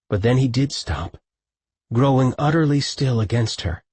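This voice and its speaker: A man reading scripted audiobook narration with a husky voice, close to a studio mic. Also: medium pitch, lively intonation, moderate pace, darkish tone, no room sound.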